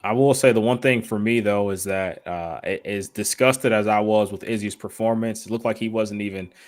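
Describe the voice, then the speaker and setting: A man co-hosting a sports podcast, giving measured, explanatory analysis with a few fillers. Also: lowish voice, steady tone. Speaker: podcast co-host.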